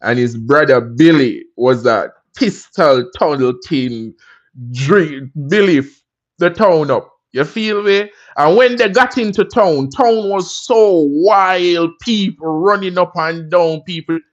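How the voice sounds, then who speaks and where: A man's voice: fairly high pitch, takes it slowly. Jamaican man chatting on a lo-fi livestream. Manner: laid-back, chatty, tags lines with "you understand me?". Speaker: livestream host. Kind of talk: casual livestream chat.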